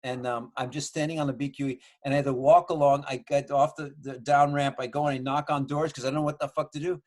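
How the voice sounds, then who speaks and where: A man's voice: medium pitch, level tone, quick pace, darkish tone. A man in his sixties, a guest filmmaker, telling rambling stories from his home with lots of swearing and restarts. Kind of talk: casual storytelling chat.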